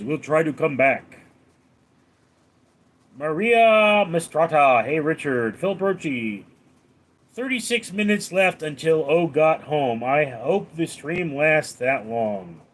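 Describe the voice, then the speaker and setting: Slow, lively-pitched man reading chat. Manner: reads out viewer names and questions, then answers them dryly. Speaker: live streamer answering chat. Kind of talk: casual live-stream chat.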